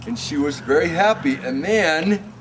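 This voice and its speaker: Man slowly telling a bedtime story. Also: on the high side. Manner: slow, animated, gentle.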